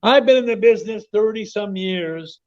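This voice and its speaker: A man tells a story as an interview guest, in a fairly high voice. He is animated and often stumbles over repeated words. The audio sounds dull and lo-fi. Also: normal speed. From Quebec, Canada. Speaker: interview guest, former wrestler.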